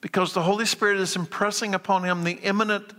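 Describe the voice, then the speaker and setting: A male pastor preaching with urgent emphasis, his fairly high, bright voice dropping low and quiet on key lines. The sound rings with the long reverb of a large church hall. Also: little pitch movement, quick pace. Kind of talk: sermon.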